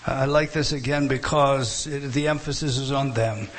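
A man preaching an expository Bible teaching, animated and repeating and restarting phrases as he explains the text. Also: medium pitch, normal speed.

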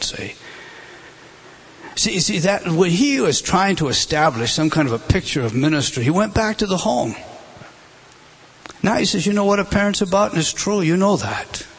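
A man's voice: sits high, breathy edge. A middle-aged man preaching a sermon, emphatic, with rhetorical questions. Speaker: pastor.

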